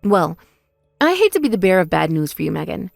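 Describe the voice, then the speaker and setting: A woman voicing a wronged older sister who answers in a measured, pointed way in a text-message story drama. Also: on the low side, sing-song, gravelly, no echo, studio quality, faint music behind, exaggerated voice. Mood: smug. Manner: measured, pointed, quietly sarcastic.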